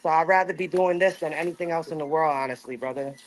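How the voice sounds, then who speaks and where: Upbeat fast-talking high-voiced man. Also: slight background noise, rough recording. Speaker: deli owner. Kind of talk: casual chat while serving.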